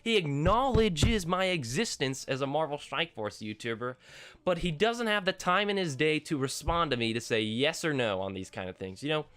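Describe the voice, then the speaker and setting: A man's voice: a little high, animated, normal speed, fairly bright tone, clean tone. A teenage boy ranting as a gaming YouTuber, exasperated and sarcastic, rambling with restarts. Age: teens. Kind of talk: ranting vlog commentary.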